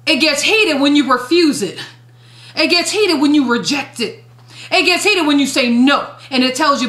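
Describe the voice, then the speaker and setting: High bright-voiced woman evangelist preaching. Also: expressive, moderate pace, roomy sound. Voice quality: emphatic, swooping preacher cadence. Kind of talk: fiery sermon.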